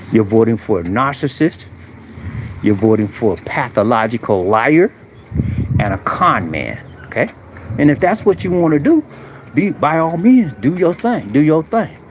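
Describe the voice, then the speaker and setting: A man's voice: fairly high pitch, a little mellow, slight background noise. Man chatting on an outdoor live stream. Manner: preachy, blunt, talks straight to viewers with slang. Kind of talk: casual live-stream chat. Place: outdoors in a rural area, rain starting.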